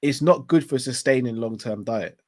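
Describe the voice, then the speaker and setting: A man's voice: medium pitch, normal speed. A man co-hosting a live stream, chatting in a laid-back way and laughing often. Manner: laid-back, laughs often, says bruv and innit a lot. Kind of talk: casual chat with viewers.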